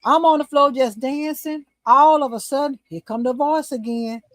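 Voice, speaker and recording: Older woman telling a lively testimony. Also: sits high, moderate pace. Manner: animated testimony storytelling. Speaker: talk show host, guest. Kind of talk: casual chat, storytelling.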